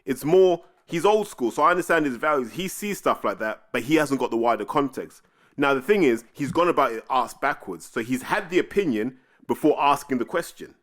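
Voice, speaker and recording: A man hosting a casual podcast, his pitch swinging up and down as he tells his story. His tone is blunt and streetwise, and he swears freely. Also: lively intonation, brisk, a bit bright. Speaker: podcast host.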